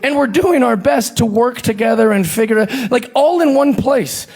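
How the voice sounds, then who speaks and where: High animated man telling crude stories. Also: moderate pace, husky. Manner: animated, profane, acts out people in his stories. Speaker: comedian guest. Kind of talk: stand-up style storytelling.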